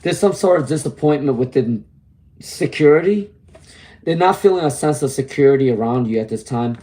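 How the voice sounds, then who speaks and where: Hoarse, mellow-voiced man reading tarot. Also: medium pitch, animated, normal speed. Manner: chatty, greets viewers by name. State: hoarse from laryngitis. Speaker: tarot reader. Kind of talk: live-stream tarot reading.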